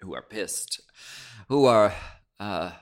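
A man's voice: fairly low pitch, animated. A man co-hosting a podcast, recapping a reality show with playful, jokey talk. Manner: playful, jokey, drawn-out delivery. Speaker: podcast co-host.

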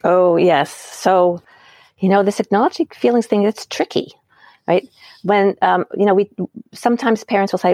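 A woman's voice: medium pitch, normal speed, darkish tone, no room sound, clean studio sound. A woman parent educator as an interview guest, explaining ideas and acting out example phrases with light laughs.

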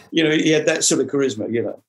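Male guest in a recorded interview, mid-pitched, hesitant and rambling. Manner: rambling, many fillers and restarts. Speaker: interview guest, rock guitarist.

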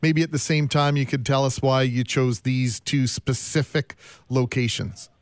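A man co-hosting morning radio, asking a guest questions in a polite, measured way. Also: medium pitch, fairly even intonation, no echo. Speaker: radio co-host.

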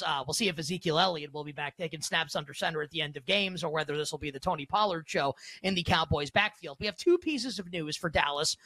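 A male host talking through sports betting in an energetic, emphatic, casual way, often firing off rhetorical questions. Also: a little high, no echo.

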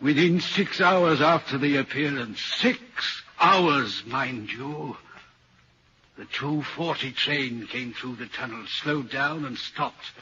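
A man's voice: medium pitch, slow pace, sharp tone, a little hiss or hum. A haunted railway signalman. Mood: troubled. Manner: earnest and troubled, recounting a ghostly sighting. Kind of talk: 1940s radio acting. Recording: dull old radio recording.

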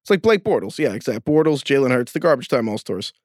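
Man, podcast co-host, casual chat, very lively pitch, dry close sound. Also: quick pace, no echo. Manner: animated, rambling, jokey.

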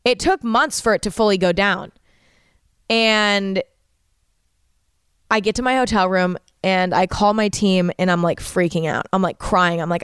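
A woman's voice: medium pitch, steady tone, measured pace, clean tone, no room sound, clean studio sound. A woman in her twenties, a content creator, telling a personal story to camera in a candid, emotional way with casual swearing.

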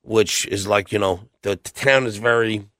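Middle-aged new dude rambling blunt stories, low voice, dry mic, tosses in quotes. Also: male voice, normal speed, fairly bright tone, dry recording. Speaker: podcast guest, metal singer. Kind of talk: casual storytelling interview.

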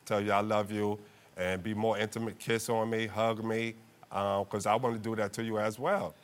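A man testifying as a husband in a TV court case, playful and animated as he tells his story. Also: lowish voice, moderate pace. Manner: playful, animated storyteller who laughs a lot.

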